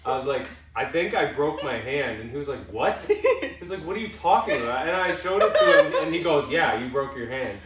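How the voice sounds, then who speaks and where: A man's voice: mid-range voice, big pitch swings, a little fast, fairly bright tone. A young man telling a story in casual chat, rambling and cutting himself off, swearing freely. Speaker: podcast co-host. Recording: roomy sound from a distant mic.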